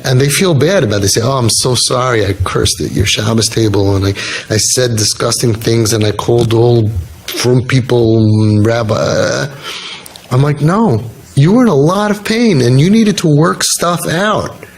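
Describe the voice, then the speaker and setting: A rabbi speaking informally to an audience, telling stories with lively quoted voices. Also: male voice, mid-range voice, moderate pace, rough recording. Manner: storytelling, animated, acting out quoted voices.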